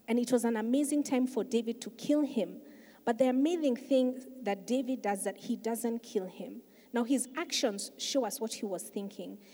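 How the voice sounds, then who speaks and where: A woman's voice: on the high side, moderate pace. Woman pastor preaching in an echoing hall. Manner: emphatic storytelling, swelling louder for key points. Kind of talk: sermon. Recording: long reverb of a large hall.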